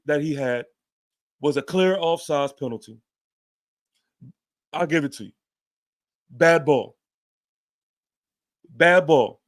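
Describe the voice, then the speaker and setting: A man hosting a fan show, giving a heated, emphatic post-game rant with casual swearing and repeated points. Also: high-pitched.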